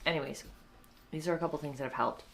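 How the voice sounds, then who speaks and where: Tired, wry woman with a low creaky voice. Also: fairly even intonation, fast talker, fairly bright tone, a little hiss or hum. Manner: tired, wry, chatty, drops to a whisper near the baby. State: sleep-deprived. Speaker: comedian and new mom vlogging. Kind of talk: casual vlog chat. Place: home, indoors.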